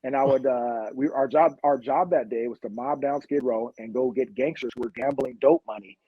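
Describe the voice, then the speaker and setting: A man's voice: mid-range voice, normal speed, husky, lo-fi sound. A man from Long Beach, a police officer guest on a podcast, telling street stories in a blunt, impassioned way. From Long Beach, California. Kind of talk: podcast interview storytelling.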